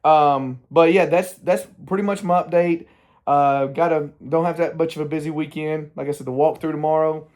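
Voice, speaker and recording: A man's voice: on the high side, steady tone, moderate pace, darkish tone. A middle-aged man, talking candidly to the camera in a rambling personal vlog, often trailing off and restarting. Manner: candid, meandering, self-interrupting. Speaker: vlogger.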